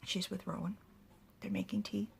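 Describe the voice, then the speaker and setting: Woman whispering calm reassuring male chief, whispered role-play, soothing, gravelly. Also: mid-range voice, normal speed, slight background noise.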